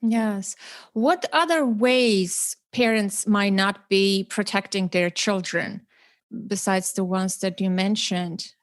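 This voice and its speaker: Female host and parenting educator, mid-pitched, earnest and conversational, dry recording. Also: slow pace, dry recording. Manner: earnest storytelling with fillers. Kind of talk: conversational interview.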